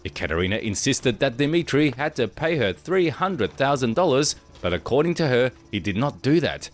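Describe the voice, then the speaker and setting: A man's voice: mid-range voice, normal speed, soft background music. Man reading a formal documentary script. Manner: even, formal read-out delivery. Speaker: narrator.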